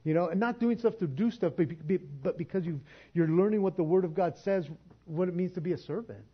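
A man preaching in a church, talking casually and conversationally, with a slightly high voice. He stumbles and restarts his words and laughs as he goes. The recording sounds dull and lo-fi. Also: brisk, breathy edge. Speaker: pastor. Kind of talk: sermon.

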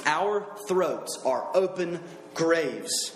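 A man preaching a sermon earnestly, reading scripture slowly and driving each point home with emphasis. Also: high voice, lively intonation, reverberant, slight background noise, low-quality recording.

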